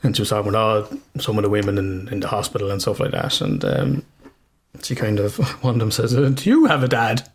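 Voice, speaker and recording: A man's voice: on the low side, big pitch swings, a little fast, slightly rough. Laughing Irish man telling stories. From Ireland. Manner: laughs often, swears casually, tells stories animatedly. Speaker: podcast co-host. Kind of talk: casual chat.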